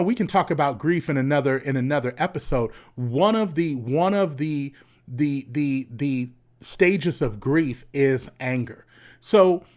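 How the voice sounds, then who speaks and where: A man, a therapist, talking casually and directly to his viewers, often repeating words and asking "right?". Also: fairly high pitch. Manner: conversational, repeats words, frequent tag questions. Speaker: therapist and host. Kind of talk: casual talk to camera.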